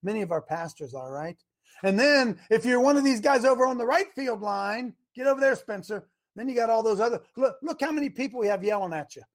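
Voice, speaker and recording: A man's voice: very high voice, a little fast. A man hosting a call-in show, talking animatedly and acting out little mock exchanges. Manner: animated, acts out mock dialogues. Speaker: host.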